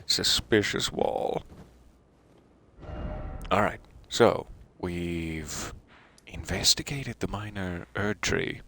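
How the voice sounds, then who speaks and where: A man's voice: sits low, very slow, pauses often, fairly bright tone. A man giving casual, playful commentary while playing a game, talking theatrically to the characters and joking at his own expense. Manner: self-deprecating asides. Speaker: let's play streamer.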